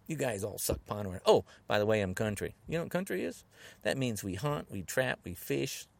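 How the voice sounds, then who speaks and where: A man's voice: fairly high pitch, vocal fry. A man delivering an angry political rant to camera, taunting and repeating insults over and over. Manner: taunting, repetitive name-calling.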